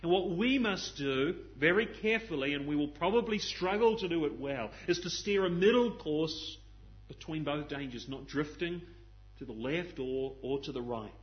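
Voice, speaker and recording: A man preaches a sermon, putting earnest questions to his listeners and repeating phrases as he searches for words. His voice sits a little high for a man. The recording is dull and lo-fi. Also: animated, normal speed. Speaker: pastor.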